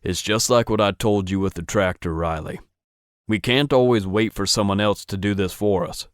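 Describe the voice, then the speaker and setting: A stern ranch boss barks curt, bossy orders, voiced by a man. His voice sits fairly low. The sound is dry and close. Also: normal speed, smooth, no room sound, lightly acted.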